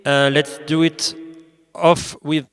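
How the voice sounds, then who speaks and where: Man, smooth and dry. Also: fairly high pitch, flat delivery, fairly bright tone, dry recording, soft background music. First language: French. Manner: halting non-native English with restarts. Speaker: gear reviewer. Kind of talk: product demo walkthrough.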